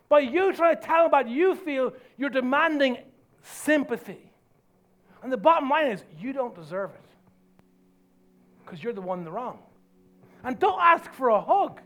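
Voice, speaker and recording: A man preaching a sermon as pastor, emphatic and earnest, dropping to soft low lines for effect. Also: expressive, normal speed, pauses often.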